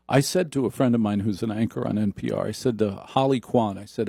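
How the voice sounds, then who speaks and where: A man's voice: lowish voice, fairly quick, vocal fry, hardly any pauses, dark tone, slightly rough, dry recording, studio quality. A man hosting a talk radio show, riffing sarcastically in a rambling comic monologue. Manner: sarcastic, mocks voices.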